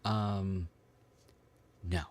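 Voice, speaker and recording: A man's voice: deep voice, flat delivery, extremely slow, no echo. A man co-hosting a casual comedy podcast, laid-back and swearing, laughing often. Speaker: podcast co-host.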